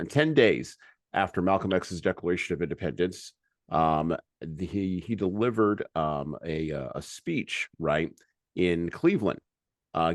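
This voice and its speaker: A man's voice: low-pitched, no echo. A man co-hosting a podcast, reading long speech excerpts aloud between hesitant, filler-heavy asides. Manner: halting with many fillers in commentary, more forceful when quoting. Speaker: podcast co-host.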